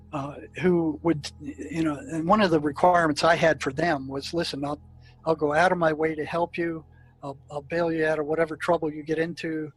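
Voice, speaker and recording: A man's voice: on the high side, husky, low-quality recording. An older man, a psychiatrist, telling stories from his work in an interview, with many fillers and restarts. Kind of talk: storytelling in an interview.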